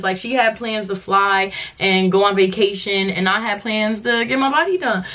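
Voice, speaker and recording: A woman's voice: medium pitch, a bit bright. A young woman telling a personal story to camera in a chatty, dramatic vlog style, with lots of "like" fillers. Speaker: vlogger.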